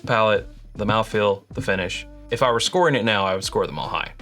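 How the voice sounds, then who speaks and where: Man, low voice, casual whiskey tasting chat, jokey, faint music in the background. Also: a little fast, a bit bright. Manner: playful, jokey, rambling. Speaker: co-host of a whiskey tasting show.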